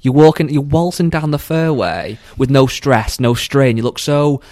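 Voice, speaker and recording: A man's voice: mid-range voice, darkish tone. A man co-hosting a podcast in casual chat, arguing his points emphatically. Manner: emphatic, quick to argue a point. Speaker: podcast co-host.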